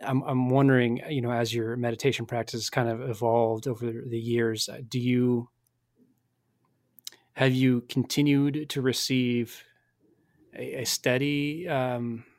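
Guy host asking rambly questions, pretty monotone, dry close mic. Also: medium pitch, a little slow, no room sound. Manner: flat delivery, rambling questions with many fillers. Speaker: interviewer. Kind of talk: casual podcast interview.

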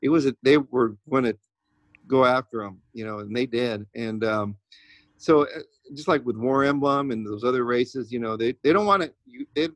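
A man's voice: mid-range voice, normal speed, dry recording. A man who trains racehorses, a podcast guest telling stories in a rambling way with many restarts. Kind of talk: casual interview talk.

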